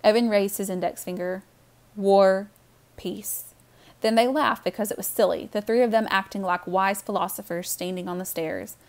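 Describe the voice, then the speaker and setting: A woman's voice: mid-range voice, steady tone, brisk, few pauses. Woman reading a children's novel aloud. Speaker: audiobook reader.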